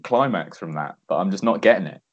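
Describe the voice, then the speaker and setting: A man's voice: deep voice, animated, a little fast, husky, lo-fi sound. A man co-hosting a casual podcast chat, joking and laughing often. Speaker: podcast co-host.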